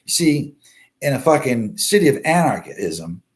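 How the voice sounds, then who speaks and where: A man's voice: medium pitch, sing-song, measured pace, pauses often. A man hosting a casual live stream, commenting on the news in a blunt, constantly swearing rant. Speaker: live show host.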